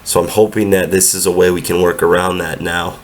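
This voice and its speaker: A man's voice: sits low, flat delivery, a little fast. A young man with a stuffy nose from a cold, doing a casual, matter-of-fact voiceover about his own training. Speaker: powerlifter vlogger.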